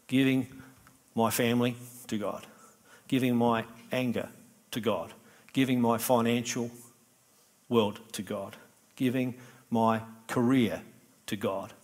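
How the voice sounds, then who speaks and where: Conversational pastor preaching. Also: male voice, mid-range voice, a little slow, pauses often. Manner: animated, acts out little dialogues, conversational preaching. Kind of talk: sermon.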